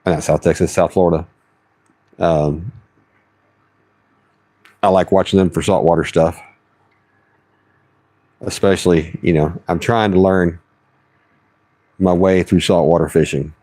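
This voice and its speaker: Folksy, low-voiced fishing streamer man. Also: steady tone, a little slow, long pauses, dark tone, no room sound. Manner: chatty, folksy, reads chat aloud. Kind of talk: casual live-stream chat. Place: outdoors on the water.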